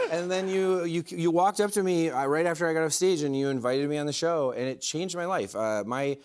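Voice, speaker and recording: A man who is a guest comedian, telling rambling, self-deprecating stories on a talk show with many fillers. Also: a little high.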